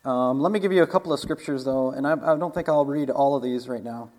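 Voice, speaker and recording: A man's voice: medium pitch, fast, darkish tone, low-quality recording. A man preaching in a casual storytelling manner, chatty, with frequent asides, restarts and laughs.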